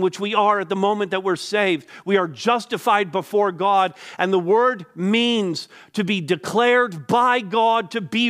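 A man preaching a sermon as pastor, reading scripture and stressing points with repeated words and pauses. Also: sits high, a bit bright.

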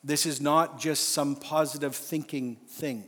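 A man's voice: on the high side, steady tone, fairly bright tone. A man preaching an earnest, emphatic sermon at a men's conference. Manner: earnest, emphatic, slows for a read-out prayer. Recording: live hall reverb, faint music.

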